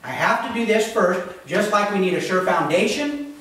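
A man's voice: high voice, animated, moderate pace, a bit bright, slight background noise. A man preaching a sermon as pastor, plainspoken and often checking in with his congregation. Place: church. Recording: echoey church hall recorded from a distance.

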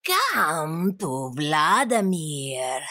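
A woman voicing an icy, hissing male tentacle monster who speaks slowly and eerily. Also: deep voice, big pitch swings, sharp tone, pitched below the performer's own voice, full character voice. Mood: eerie. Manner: icy, hissing, slow and eerie.

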